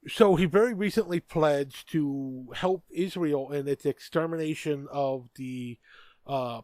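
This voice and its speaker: A man's voice: fairly high pitch, a little mellow, no room sound. Blunt, swearing male podcast co-host. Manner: blunt, profane, stammers on restarts. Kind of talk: casual political chat.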